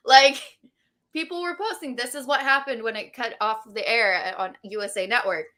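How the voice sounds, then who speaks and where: A woman co-hosting a casual podcast, telling the week's wrestling drama in an excited, gossipy way. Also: fairly high pitch, normal speed. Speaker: podcast co-host. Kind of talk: casual wrestling recap chat.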